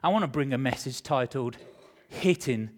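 A middle-aged male pastor preaching a sermon, telling a personal story with animated emotion, swinging between loud and hushed. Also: mid-range voice, normal speed.

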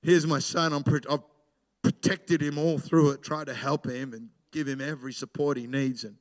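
A middle-aged man, a pastor preaching a sermon in a conversational way, swinging between loud emphasis and hushed storytelling. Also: on the high side, steady tone, moderate pace.

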